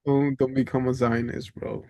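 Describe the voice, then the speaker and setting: A man's voice: mid-range voice, flat delivery, moderate pace, mellow. Chatty man telling a story on a call. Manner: chatty storyteller, laughs often, swears, says "bro" a lot. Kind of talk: casual chat on a coaching call.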